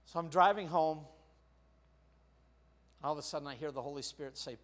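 An older male pastor preaching a sermon, telling a personal story with sharp shifts between quiet and loud. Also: fairly high pitch, normal speed. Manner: storytelling, with big swings of loudness.

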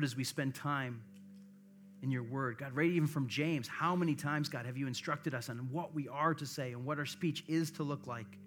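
Earnest man leading a prayer. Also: mid-range voice. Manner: earnest, measured, trailing softly at phrase ends. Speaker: pastor. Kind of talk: spoken prayer.

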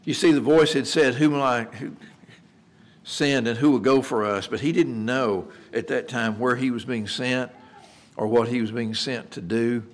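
A man's voice: medium pitch, fairly even intonation, normal speed. A man preaching a sermon in a conversational way, asking rhetorical questions and repeating words as he restarts. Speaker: pastor.

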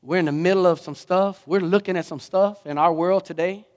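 High-voiced preaching man, echoey church. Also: brisk. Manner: animated preaching, rising to emphatic questions. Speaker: pastor. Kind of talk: sermon.

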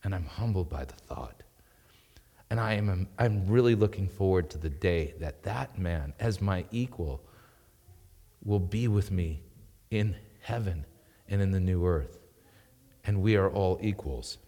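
A man preaching a sermon as pastor, emphatic and swinging between loud and quiet. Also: deep voice, animated, unhurried, pauses often, in a large hall. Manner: emphatic preaching with rising and falling intensity. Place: church.

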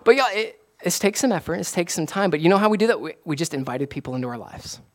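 Animated man preaching a casual sermon. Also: high voice, quick pace. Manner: casual, conversational preaching with southern "y'all"; animated, rising to excited emphasis. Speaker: pastor.

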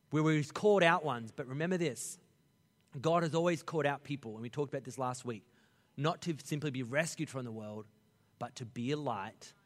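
A man preaching a sermon as pastor, animated and conversational, acting out Bible figures in a casual voice. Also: fairly high pitch, big-room sound.

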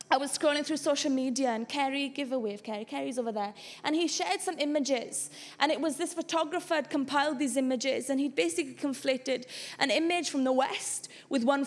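High-voiced woman pastor preaching. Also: normal speed. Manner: earnest, builds to impassioned exhortation. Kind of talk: sermon. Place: church hall.

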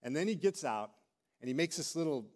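A man's voice: a little high, fairly quick. Middle-aged male pastor preaching. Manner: animated storytelling, acts out quoted voices. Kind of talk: sermon.

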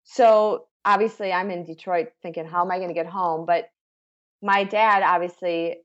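A middle-aged woman telling her personal story as an interviewee, in a halting, emotional way with frequent restarts. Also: low-pitched, highs cut off. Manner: emotional, halting retelling with self-corrections.

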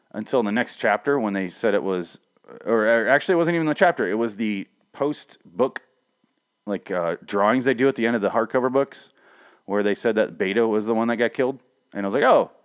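Fairly low in pitch with a clean tone, the comic and TV reviewer delivers his casual review briskly and with animation. He rambles, curses, keeps starting over, and shifts from ranting to muttering put-downs of himself.

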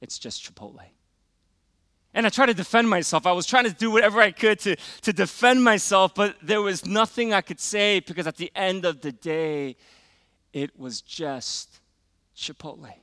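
A middle-aged man preaches in a relaxed storytelling style, full of small fillers and quiet drops for emphasis. His voice is a little high for a man, bright and smooth. The sound is close and dry. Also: dry recording. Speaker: pastor. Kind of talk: sermon with personal story.

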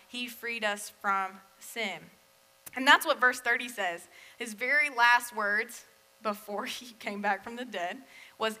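A young woman delivers a casual sermon in a bright, fairly high voice. She talks in a chatty way, full of fillers and self-deprecating asides. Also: poor audio.

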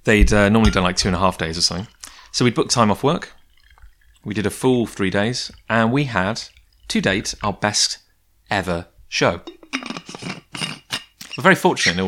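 A comic book creator with a very low, deep, yet slightly bright voice tells a long personal story in a loose, casual style. He rambles onto tangents and pokes fun at himself while discussing his comics work.

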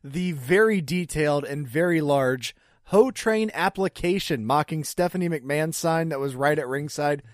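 A relaxed man co-hosting a wrestling podcast, his voice sitting a little higher than most men's. He reads out match details in an easy, chatty way with quick laughs. The recording is dry and close. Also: no echo. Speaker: podcast co-host. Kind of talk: casual wrestling review chat.

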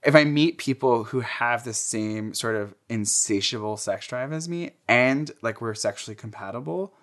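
A man's voice: medium pitch, normal speed, fairly bright tone. A young man being interviewed, telling candid personal stories in a chatty way, with many fillers and frequent laughter.

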